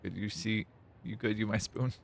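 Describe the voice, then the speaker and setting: A man's voice: fairly low pitch, fairly even intonation, normal speed, gravelly. A man livestreaming a game, chatting casually with his viewers and reading their messages aloud, with playful mock-dramatic whining. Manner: reads chat messages aloud. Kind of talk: casual gaming livestream chat.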